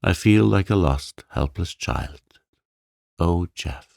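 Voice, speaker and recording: A man's voice: low voice, animated, slow, gravelly, darkish tone, no room sound, clean studio sound, heavily acted. A man reading a storybook, voicing a proud, forthright young woman in love, his voice raised and plain-spoken. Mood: forlorn.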